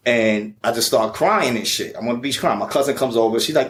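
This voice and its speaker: A man guest with a middle-pitched voice, telling a story in casual, slang-filled talk. He swears freely and talks with lively energy. It sounds like a relaxed chat between friends. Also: quick pace, hardly any pauses. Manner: profane, animated, slangy. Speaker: featured guest.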